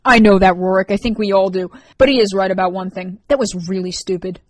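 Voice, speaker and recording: A woman's voice: medium pitch, fairly even intonation, a little fast, no echo, lightly acted. A woman reading an audiobook, voicing a stern, protective teenage girl who speaks in a firm, scolding way.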